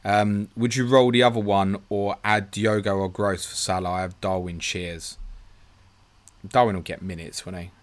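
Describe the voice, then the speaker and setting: Chatty man with a lowish voice. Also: little pitch movement, moderate pace. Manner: chatty, reads viewer messages aloud, calls people "mate". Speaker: livestream host answering viewer questions. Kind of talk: casual live Q&A.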